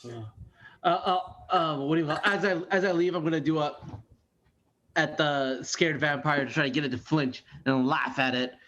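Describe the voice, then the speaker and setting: A man's voice: a little high, fairly even intonation, normal speed, fairly bright tone, highs cut off. A man playing a tabletop game, speaking hesitantly and wryly. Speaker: player. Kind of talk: casual game chat.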